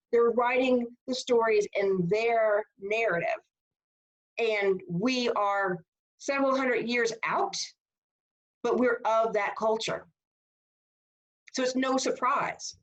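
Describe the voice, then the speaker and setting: A woman giving a casual, animated history seminar over a video call, checking in with her students. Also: mid-range voice, rough recording. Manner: animated, conversational, asks rhetorical "right?". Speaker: history instructor.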